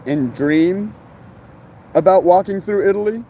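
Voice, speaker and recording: A man's voice: high-pitched, measured pace, warm tone, slight background noise. A man talking in a rambling, casual monologue full of slang and fillers about life on the road. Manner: meandering, filler-heavy, laid-back slang.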